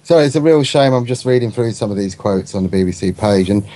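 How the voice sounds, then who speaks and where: A man's voice: on the low side, lively intonation, fast, dark tone. A man co-hosting a casual chat, with a dry, teasing way of talking. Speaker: co-host.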